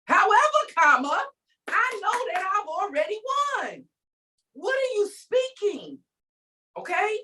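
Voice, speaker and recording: A woman's voice: extremely high pitch, big pitch swings, slow pace, sharp tone, recorded from a distance, rough recording. Woman venting faith talk, preachy and emphatic, voice swoops up and down. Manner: preachy, emphatic, calls out to listeners. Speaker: faith vlogger. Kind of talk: inspirational rant.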